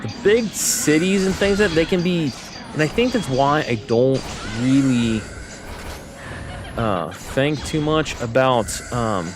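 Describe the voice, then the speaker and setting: A man's voice: mid-range voice, animated, slow, music in the background. A man from the United States, a gaming streamer, chatting casually and rambling with lots of fillers while he plays. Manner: rambling, filler-heavy, easygoing.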